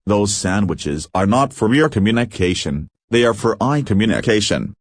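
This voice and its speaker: A man with a lowish voice and lively intonation plays a pompous, self-important alien leader with a giant brain who barks commands yet is easily alarmed. The moderate-paced, commanding performance is a dry, studio-quality recording.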